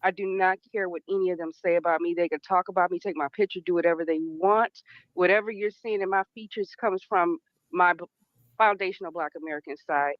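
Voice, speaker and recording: A woman's voice: fairly low pitch, steady tone, a little fast, no room sound, lo-fi sound. A woman calling in to a livestream, speaking proudly and firmly. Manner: proud, firm, declarative. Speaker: caller. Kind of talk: call-in statement.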